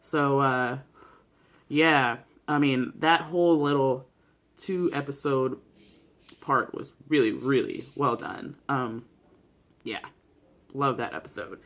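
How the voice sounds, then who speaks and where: Young adult vlogger, casual chat, hyped, swears a lot, slangy, lots of "like" and "uh", mid pitch. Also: slow pace, long pauses. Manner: excitable, profane, slangy, filler-heavy. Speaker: YouTuber reviewing a TV series. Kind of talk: casual vlog commentary.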